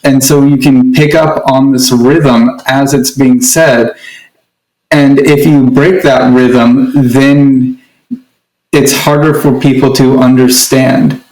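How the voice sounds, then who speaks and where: A man's voice: mid-range voice, fairly even intonation, slow, darkish tone. A man co-hosting a casual conversation, explaining at length with frequent restarts. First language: English. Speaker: co-host. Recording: echoey room.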